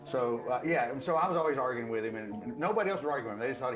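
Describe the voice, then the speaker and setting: A man's voice: medium pitch, racing, few pauses. A male comedian telling a story and acting out the people in it. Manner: animated, acts out quoted people. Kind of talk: comic storytelling. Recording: loud music behind voice.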